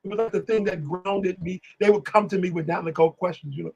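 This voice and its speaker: A man guest, telling animated stories in casual talk, singing bits of lyrics and acting out voices. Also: sits high, fast talker, creaky, highs cut off. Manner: animated, exclamatory, sings lyrics and acts out voices. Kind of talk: casual storytelling on a live stream.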